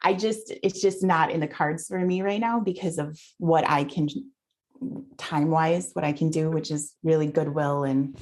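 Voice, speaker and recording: A woman's voice: low-pitched, fairly even intonation, normal speed, darkish tone. A woman guest on a podcast, chatting casually and telling at length about the items she has found to resell. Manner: chatty, telling her own finds at length. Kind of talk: casual interview chat.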